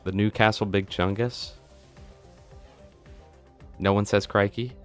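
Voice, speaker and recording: Deep-voiced man joking on stream. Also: steady tone, slow, soft background music. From United States. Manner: joking, chatting to viewers. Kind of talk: live gameplay commentary.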